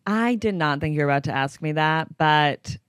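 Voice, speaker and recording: A woman hosting a podcast, recapping a TV episode in casual chat as an excited fan who laughs and exclaims often. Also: deep voice, moderate pace, background noise. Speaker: podcast host.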